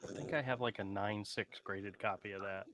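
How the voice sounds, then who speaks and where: A man's voice: lowish voice, fairly even intonation, moderate pace, fairly bright tone. A man who owns a comic shop, chatting casually with a dry, teasing manner. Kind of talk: casual chat.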